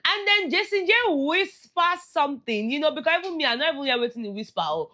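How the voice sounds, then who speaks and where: A woman's voice: high-pitched, sing-song, quick pace, hardly any pauses, pushed and bright. A woman with a Nigerian accent giving casual gossip commentary on a reality show, chatty and slipping into Pidgin asides. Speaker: entertainment vlogger.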